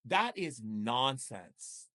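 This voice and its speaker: A man's voice: mid-range voice, sing-song, drawn-out words, pushed and bright. A man leading a live spiritual coaching session as a shamanic teacher, emphatic and repetitive, with pointed rhetorical questions.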